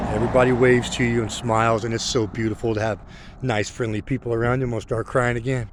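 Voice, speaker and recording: A man's voice: mid-range voice, little pitch movement, quick pace, slight background noise. A middle-aged man, talking in a rambling, heartfelt way while out on a country road. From rural country background. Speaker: motorcycle vlogger. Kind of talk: casual spoken vlog while riding.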